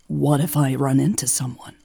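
A woman voicing an anxious young woman in an audiobook romance, talking in hushed, urgent whispers. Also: a bass voice, flat delivery, normal speed, vocal fry, husky, no room sound, pitched below the performer's own voice, exaggerated voice. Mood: nervous whisper. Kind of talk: audiobook character voice.

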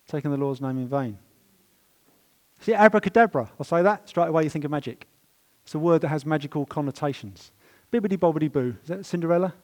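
A man preaching a sermon in a church, telling stories and stressing words with swings in loudness. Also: a little high. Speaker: pastor.

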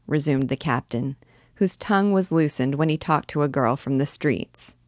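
A woman reading a classic novel aloud in a clear, measured storytelling voice. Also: sits low, a little mellow, no echo, clean studio sound. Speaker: literature teacher reading aloud.

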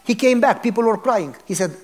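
A man's voice: sits high, expressive, a little fast. A man preaching a sermon as a pastor, telling a story dramatically and asking the congregation questions.

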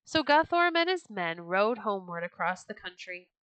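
A woman storyteller giving scripted storybook narration in a clear, steady reading voice. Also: mid-range voice, normal speed, dry recording, rough recording.

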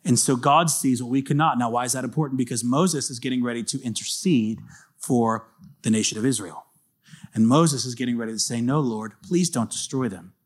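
A man's voice: mid-range voice, fairly even intonation. Male pastor preaching with rising intensity. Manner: conversational, builds to shouting intensity; reads scripture slowly and dramatically. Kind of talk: sermon.

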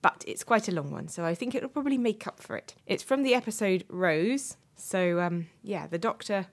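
A woman on a casual fan podcast, chatting with wry, dry humour. Her voice sits at an ordinary middle pitch. She reads out a long quote in a steady, even way. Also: normal speed. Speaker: podcast co-host.

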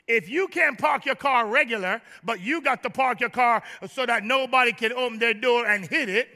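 A man preaching a sermon to his church, joking with the congregation and rising to shouts. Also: extremely high pitch, normal speed, hardly any pauses, big-room sound. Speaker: pastor. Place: large church.

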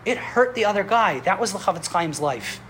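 A woman teaching a class on Jewish history, telling stories in an animated way with frequent chuckles and restarts. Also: medium pitch, fairly quick, slight background noise. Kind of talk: classroom lecture with storytelling. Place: classroom with students.

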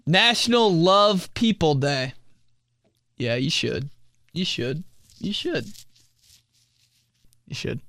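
Young male comic podcaster, animated, swears freely, laughs at his own bits; dry sound, lots of pitch movement. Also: slow, long pauses, no echo. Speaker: podcast host. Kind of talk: casual comedic storytelling.

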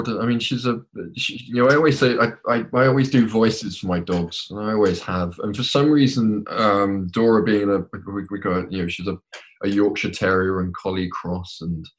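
A man's voice: lowish voice, fairly even intonation, normal speed. A man from England, a podcast guest, chatting casually and hesitantly with many repeated words. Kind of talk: casual chat.

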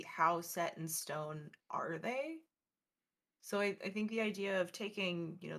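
Woman on a book podcast, lowish voice, thinking things through out loud. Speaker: podcast co-host. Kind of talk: casual book discussion.

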